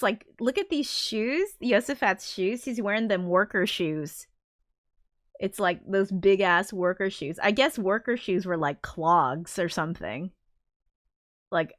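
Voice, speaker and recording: A woman's voice: medium pitch, dry recording, studio quality. A woman composer chatting casually on a livestream, rambling with frequent restarts and casual swearing. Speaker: composer streaming her work.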